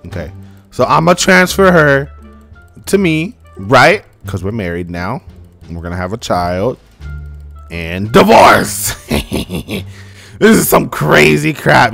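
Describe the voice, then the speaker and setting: Excitable young man doing game commentary. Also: mid-range voice, unhurried, gravelly, pauses often, soft background music. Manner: excitable, animated, talks to viewers as "y'all". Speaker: gaming channel host. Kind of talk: casual let's-play commentary.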